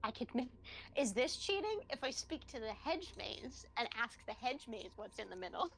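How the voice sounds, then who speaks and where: A woman's voice: fairly high pitch, big pitch swings, normal speed, gravelly, a bit bright, slight background noise. A woman playing a tabletop role-playing game, talking hesitantly with many fillers and giggles. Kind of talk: casual role-play chat.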